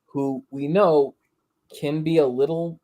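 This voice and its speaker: A man's voice: fairly high pitch, fairly even intonation, slow pace, warm tone. A man on a boxing talk panel, mixing teasing banter with earnest points.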